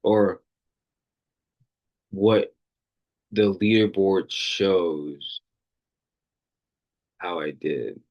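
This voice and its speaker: A man with a deep, low voice hosts a faith podcast and tells a personal story. He rambles casually, leaning hard on fillers. He stays earnest and open the whole way through. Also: very slow, pauses often, highs cut off. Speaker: podcast host.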